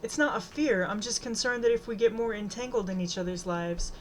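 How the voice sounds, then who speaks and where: A woman's voice: medium pitch, brisk, slight background noise, lightly acted. Blunt, fierce woman friend, voiced by a woman reader. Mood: gentle.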